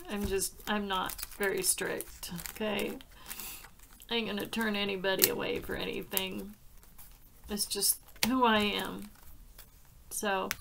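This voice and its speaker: Slow, gravelly-voiced woman crafter. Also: mid-range voice, noisy background. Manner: chatty, heartfelt, laughs often. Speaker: card-making crafter. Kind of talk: casual crafting vlog chat.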